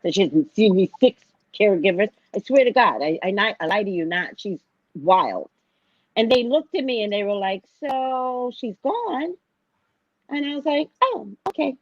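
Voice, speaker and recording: A woman's voice: medium pitch, brisk, no echo. A woman who teaches special education, telling a story in casual chat and acting out other people's lines as she goes. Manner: animated, acts out quoted voices, repeats phrases for emphasis. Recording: dull lo-fi dry sound.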